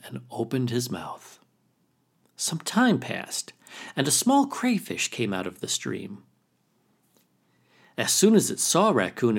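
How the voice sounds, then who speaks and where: A man telling a traditional animal tale as host of a storytelling podcast, reading in an expressive, dramatic way. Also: medium pitch. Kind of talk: storybook narration.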